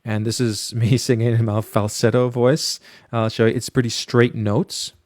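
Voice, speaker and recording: A man, a music producer, casually talking through a studio mixing tutorial with many pauses and fillers. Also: medium pitch, flat delivery, darkish tone, no echo. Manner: casual, hesitant, lots of fillers.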